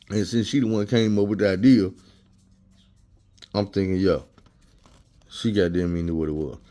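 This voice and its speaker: Man, low voice, casual storytelling, slangy and profane, acts out quotes. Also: big pitch swings, unhurried, pauses often, a little mellow.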